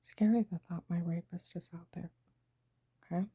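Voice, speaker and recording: A woman telling a personal story to camera in an agitated, emphatic way, often dropping into a breathy half-whisper. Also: fairly low pitch, fairly even intonation, moderate pace, mellow, dry recording. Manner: agitated, emphatic retelling with quoted dialogue.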